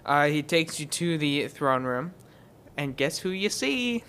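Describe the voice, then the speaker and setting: A man's voice: fairly high pitch, big pitch swings, measured pace, sharp tone, a little hiss or hum. A man narrating as game master in a casual tabletop game, loose and stumbling over his words. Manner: loose, stumbling, laughs often.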